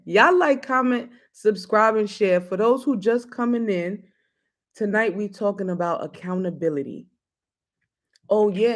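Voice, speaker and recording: Blunt, playful woman talk-show host. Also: mid-range voice. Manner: blunt, playful, laughs often, speaks to viewers. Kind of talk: casual live-stream talk show.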